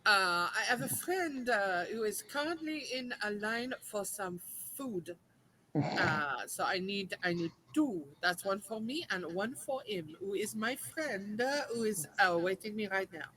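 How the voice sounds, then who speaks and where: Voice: mid-range voice, expressive, unhurried, bright, forceful tone, a little hiss or hum, low-quality recording. A player voicing a man posing as a New Yorker who speaks with a put-on French accent and keeps hesitating and fumbling for words.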